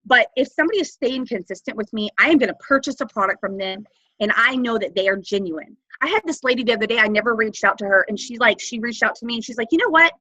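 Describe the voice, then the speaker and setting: A woman talking through a casual team training, bubbly and animated, acting out chats in high voices. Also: fast, dry recording, poor audio. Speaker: network marketing team member.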